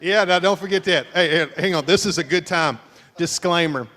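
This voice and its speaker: A pastor runs a couples game show from the altar, teasing and joking with the crowd. His voice sits a little high for a man. It rings out with a long reverb through the church sanctuary. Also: moderate pace, pushed and bright. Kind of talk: playful game show hosting.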